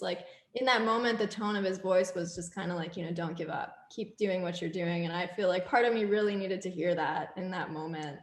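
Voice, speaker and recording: A woman's voice: mid-range voice, creaky. A woman panelist on a video call, talking in an earnest, reflective way. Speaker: panelist, biomedical researcher. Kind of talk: casual panel talk. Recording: roomy webinar audio.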